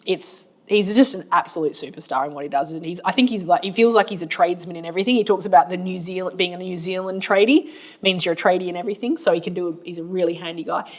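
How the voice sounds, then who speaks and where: A woman's voice: fairly low pitch, fast talker. An Australian woman co-hosting a business podcast, talking casually as a marketing agency owner with a blunt, colloquial, storytelling manner.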